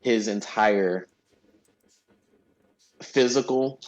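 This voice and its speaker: A man narrating a tabletop role-playing game as game master, describing scenes in a halting way. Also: on the low side, lo-fi sound.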